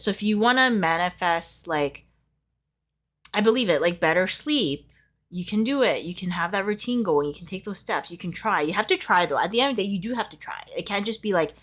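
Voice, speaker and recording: A woman's voice: medium pitch, fairly bright tone. A young woman giving a casual tarot reading, talking in a heartfelt, emotional way with lots of fillers. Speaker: tarot reader.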